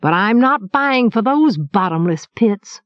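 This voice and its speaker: A woman puts on a cheeky young apprentice boy, pitched up high and wheedling, full of hungry eagerness. His voice swings about with lots of lively rise and fall, heard dry and close on a dull, lo-fi recording. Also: a little slow, no room sound, lightly acted. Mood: eager.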